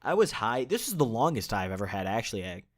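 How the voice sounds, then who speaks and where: A young man telling a casual storytime straight to his viewers. He rambles, stacks up fillers and swears freely. His voice jumps from loud bursts to low mutters. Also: fast talker. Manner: profane, rambling with many fillers; animated, with swings in loudness. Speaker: vlogger.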